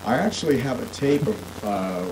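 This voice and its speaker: A man's voice: mid-range voice, lively intonation, moderate pace, very noisy. A man chatting casually, rambling and wandering off on tangents as he talks. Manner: rambling, digressive. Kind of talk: casual conversation.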